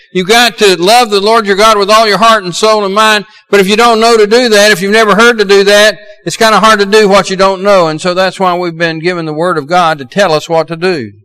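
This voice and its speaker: A man's voice: high-pitched, pushed and bright, clean tone, rough recording. A middle-aged man with a Southern US accent preaching a sermon as pastor, earnest and building to emphatic exhortations.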